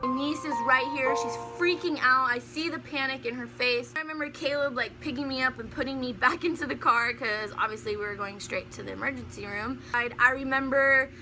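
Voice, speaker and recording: A young woman telling a personal story in a storytime vlog, animated and often laughing. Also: high-pitched, fairly quick, music in the background. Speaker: vlogger.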